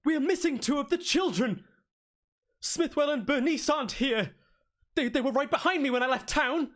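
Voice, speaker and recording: A man's voice: very high-pitched, normal speed, voice pushed up. A man voicing a short dragonborn priest who cries out in distress. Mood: panicked. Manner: shouting, distraught.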